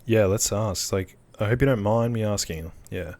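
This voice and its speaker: A man giving casual commentary on a game playthrough, relaxed and thinking aloud as he picks his choices. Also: fairly low pitch, moderate pace, hardly any pauses. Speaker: gaming content creator.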